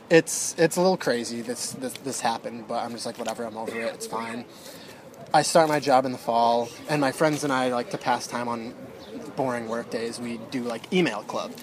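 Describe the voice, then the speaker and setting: A man's voice: medium pitch, a little hiss or hum. A young man telling a story in a rambling, profane way, full of fillers. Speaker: storyteller guest. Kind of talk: casual storytelling.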